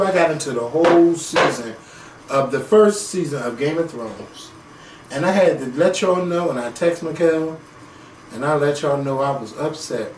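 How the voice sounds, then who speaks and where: Animated, profane man with a raised pitch. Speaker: podcast co-host. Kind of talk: casual chat. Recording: echoey room, voice from a distance, faint noise.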